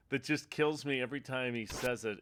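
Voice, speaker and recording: A man's voice: mid-range voice, normal speed, fairly bright tone, slight background noise. Rambling, chatty male streamer. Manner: rambling, chatty, laughs often. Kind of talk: casual chat over gameplay. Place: home streaming setup.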